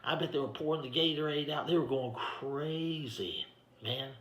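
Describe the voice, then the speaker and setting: A man's voice: a little high, normal speed, fairly bright tone. A man giving an informal devotional in a folksy, conversational storytelling manner. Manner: folksy, conversational, lots of "you know". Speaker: ministry director giving a devotional. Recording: echoey room.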